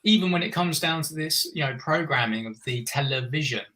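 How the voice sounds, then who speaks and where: Earnest, rambling man with a bright voice. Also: a little high, a little fast, rough recording. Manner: earnest, meandering, many restarts. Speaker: guest. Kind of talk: reflective conversation.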